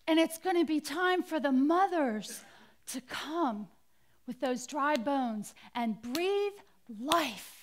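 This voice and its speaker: High, bright-voiced woman preaching slowly. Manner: dramatic, drops to near-whispers for quoted words. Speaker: conference speaker. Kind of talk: inspirational Christian talk.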